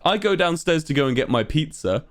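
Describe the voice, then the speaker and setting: A man's voice: a little high, expressive, a little fast. A young man, a streamer and musician, telling a long rambling story on a livestream and swearing often.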